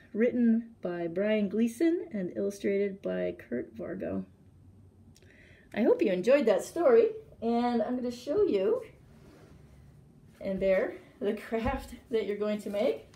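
A woman with a medium-pitched voice reading a children's story aloud with lively expression. She sounds like a librarian at storytime, recorded in a library, walking kids through a simple craft. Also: takes it slowly.

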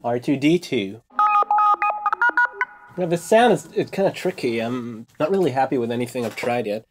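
A young man talking casually as he works in his home music studio, thinking out loud about each step of composing. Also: mid-range voice, moderate pace. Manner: relaxed, thinking aloud while composing. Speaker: music composer and video host. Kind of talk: casual studio vlog narration.

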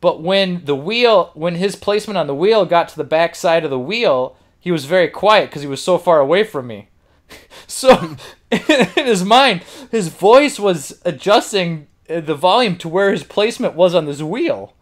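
A man's voice: sits high, lively intonation, moderate pace. A man hosting a podcast, telling a rambling, profane story with frequent laughs. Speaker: podcast host.

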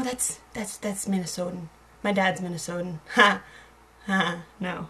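A woman's voice: lowish voice, steady tone, normal speed, sharp tone, husky. Rambling, giggly young American woman. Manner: rambling, self-mocking, giggly, drops to murmurs. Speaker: vlogger. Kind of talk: casual video blog chat.

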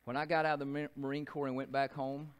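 An older Southern pastor preaching in church with a folksy, storytelling delivery. He doubles back and restarts his phrases as he talks, and his voice sits at an ordinary middle pitch for a man. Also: little pitch movement, fast, smooth. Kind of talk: sermon.

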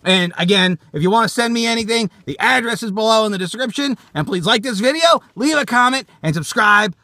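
A man hosts a casual toy show vlog, reading fan mail and cracking profane jokes. His voice sits high and swings widely in pitch. The tone is bright and excitable. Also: fairly quick, no room sound, studio quality.

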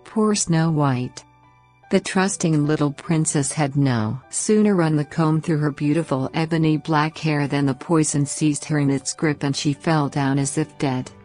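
A woman narrating a bedtime fairy tale in a slow, gentle, expressive reading. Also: low-pitched, faint music behind. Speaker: storyteller.

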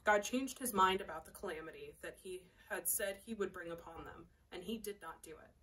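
A woman as lector reading scripture aloud in church, calm and even. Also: fairly low pitch, fairly quick. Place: church sanctuary. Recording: distant mic in church.

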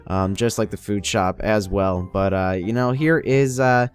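A man's voice: fairly low pitch, measured pace, clear, resonant tone. A young man casually commenting on his Minecraft gameplay, chatty and upbeat, talking straight to his viewers. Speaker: Minecraft YouTuber.

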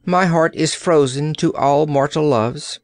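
A man voicing a cold-hearted, aloof young princess who speaks calmly and coldly. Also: on the high side, clear, resonant tone, dry recording, voice pushed up. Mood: icy. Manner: calm, cold, measured.

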